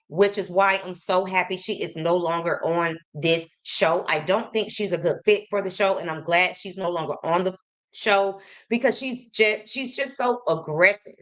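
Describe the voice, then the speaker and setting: A woman's voice: lowish voice, a bit bright. A woman commentator giving casual, opinionated gossip commentary to her viewers.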